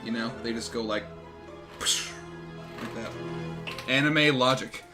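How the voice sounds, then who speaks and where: A man streaming a game, reading its story text aloud in an excitable way, often swearing and laughing. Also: medium pitch, slow, over loud music.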